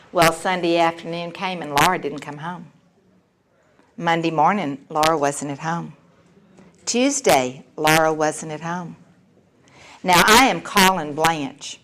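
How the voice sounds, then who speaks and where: Middle-aged woman, lively personal testimony, faint background noise. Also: on the low side, moderate pace. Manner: animated storytelling, acts out quoted voices, laughs often. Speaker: speaker sharing her story at a recovery meeting.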